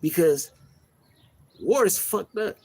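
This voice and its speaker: Soft-spoken man, high-pitched. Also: slow pace, slightly rough. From Detroit. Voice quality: soft, even-toned. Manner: slangy, reflective, frequent filler phrases. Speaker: livestream host. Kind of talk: casual livestream monologue.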